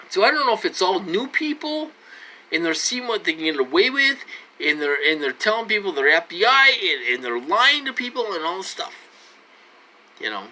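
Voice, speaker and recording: A man from Minnesota talks straight to his viewers in a loose, rambling monologue. His voice is bright and forward. He circles back and repeats himself, with "you know" dropped into nearly every sentence. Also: sits high, rough recording. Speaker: vlogger. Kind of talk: casual monologue to camera.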